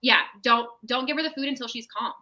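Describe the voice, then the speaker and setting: A woman speaks as a mental health professional on a podcast, talking a parent through calm, practical advice. Her voice is bright and sits a little high. She keeps checking in with "right?" as she explains. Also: brisk, low-quality recording. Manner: explanatory, tags statements with "right?". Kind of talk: casual advice chat.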